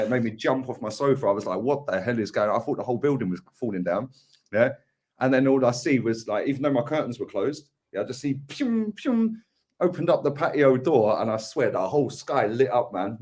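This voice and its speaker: A man's voice: mid-range voice, a little fast, darkish tone. A man from England co-hosting a football stream, a chatty storyteller who tags his sentences with "yeah" and "mate". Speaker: co-host of a football live stream. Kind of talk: casual chat.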